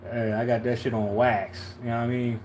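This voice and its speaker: On a livestream, a relaxed man from Philadelphia works unhurriedly through a tarot spread, slangy and often asking "you know what I'm saying." His voice is at an ordinary middle pitch, with a faint hum under the recording.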